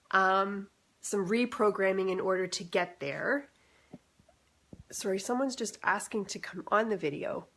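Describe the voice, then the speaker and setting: A woman of medium pitch talks casually as a spiritual coach on a live stream. She is chatty and reflective, with many fillers. She speaks into a phone or webcam at home. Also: a bit bright.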